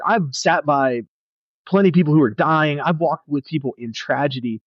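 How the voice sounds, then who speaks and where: A man's voice: fairly high pitch, normal speed, no echo. A man who is a pastor, earnestly telling a personal story as a podcast guest, often restarting his sentences. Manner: earnest, reflective, many restarts. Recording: dull, slightly lo-fi, dry sound.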